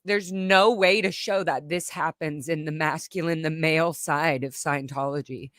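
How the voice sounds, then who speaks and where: A woman's voice: deep voice, no room sound. Impassioned woman guest, dry close sound. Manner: impassioned, emphatic, gets emotional. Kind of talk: candid conversational interview.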